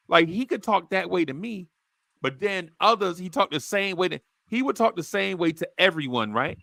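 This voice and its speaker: A man's voice: high voice, normal speed, creaky, dry recording. A man hosting a casual sports podcast, telling stories and acting out the people in them. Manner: animated storyteller, acts out quotes. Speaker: podcast host.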